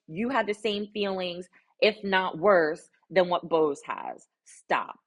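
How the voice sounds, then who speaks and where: A woman's voice: lowish voice, slow pace. Sassy woman recapping reality TV. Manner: sassy, animated, exasperated asides. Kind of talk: casual commentary.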